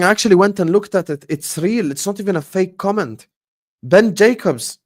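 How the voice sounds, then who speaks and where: A man's voice: high-pitched, moderate pace. A young man hosting a football live stream, ranting in exasperation, repeating himself and swearing.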